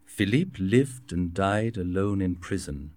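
A man reading a simplified classic novel aloud in a measured, clear storybook manner. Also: low-pitched, expressive, a little mellow, no room sound. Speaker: narrator. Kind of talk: scripted narration of a graded reader.

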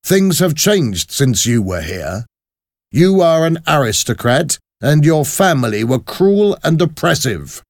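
A man's voice: a little high, big pitch swings, a little slow, dry recording, studio quality, pitched above the performer's own voice. A man voicing a stern male revolutionary guard who delivers accusations in a storybook reading. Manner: curt, accusing.

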